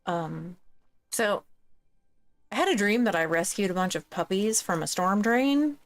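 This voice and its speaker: A woman's voice: medium pitch, lively intonation, a little slow, dry recording. A woman chatting casually with friends over voice chat while gaming, dry and sarcastic.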